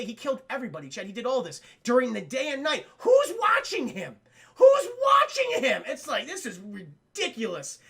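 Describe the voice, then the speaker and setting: A male streamer with a gravelly, bright edge to his voice, talking through a movie for his chat. He is excitable and swears freely. He keeps breaking off to speak to the viewers directly. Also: very high-pitched. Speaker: streamer reviewing films live. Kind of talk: casual live-stream film recap.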